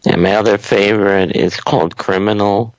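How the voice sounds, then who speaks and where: A man co-hosting a casual podcast chat, talking in a halting, drawn-out way with many pauses. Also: on the low side, fairly even intonation, no room sound. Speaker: podcast co-host. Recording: dull lo-fi dry sound.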